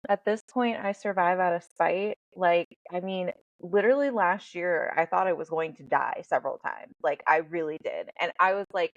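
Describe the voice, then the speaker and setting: A woman's voice: fairly low pitch, moderate pace, hardly any pauses, no room sound, muffled recording. Blunt, profane woman podcast host. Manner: blunt, profane, animated storytelling. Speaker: host and life coach. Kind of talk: candid podcast conversation.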